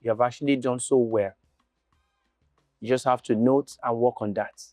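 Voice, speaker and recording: A man judging an acting contest, giving feedback in a halting, hesitant way. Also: mid-range voice, fairly even intonation, darkish tone, dry recording, studio quality, soft background music. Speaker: talent show judge.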